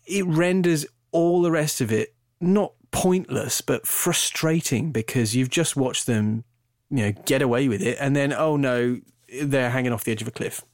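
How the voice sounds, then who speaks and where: A British man talking about films in a casual chat, animated and rambling, often breaking off mid-sentence. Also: medium pitch, moderate pace, dry recording, clean studio sound. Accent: British English. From Britain. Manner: animated, rambling, self-interrupting. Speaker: film podcast co-host.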